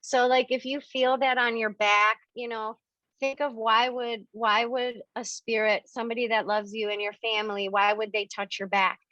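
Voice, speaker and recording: A woman's voice: fairly high pitch, flat delivery, normal speed, pushed and bright, no echo. A woman hosting a spiritual Q&A on a video call, chatty and acting out the dialogue she quotes. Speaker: spiritual medium hosting a member Q&A. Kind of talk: casual, animated explaining. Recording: dull, lo-fi video-call audio.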